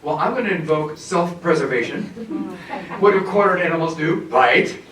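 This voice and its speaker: A man giving an animated, humorous professional development talk to an audience of teachers in a conference room. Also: fairly high pitch, fairly quick, far from the mic. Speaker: presenter. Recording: roomy echo, speaker away from the mic, faint noise.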